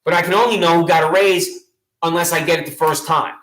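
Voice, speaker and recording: A high-voiced man rants to camera with biting sarcasm, his tone bright and edgy. He mocks and taunts, indignant throughout. The echoey room rings around his voice. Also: steady tone, brisk. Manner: loud rising taunts at times. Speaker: local activist vlogger. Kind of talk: ranting monologue to camera.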